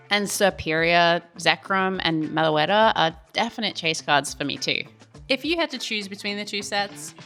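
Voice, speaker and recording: A woman's voice: on the low side, pushed and bright. A woman with an Australian accent, hosting a casual pack-opening video and musing about each card as she goes. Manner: chatty, musing, rates cards as she opens. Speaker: YouTube card-opening host.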